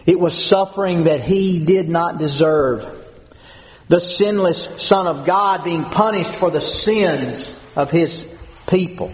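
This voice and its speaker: A man preaching a sermon as pastor, with a measured, solemn and emphatic cadence. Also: high-pitched. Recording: dull sound with long hall reverb.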